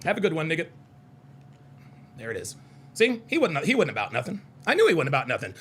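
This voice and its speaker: A man's voice: a little high, wildly swooping pitch, quick pace, a bit bright, a little hiss or hum. A man from the American South hosting a live call-in reaction show, talking in a profane, combative way and often repeating himself. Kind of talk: heated live reaction commentary.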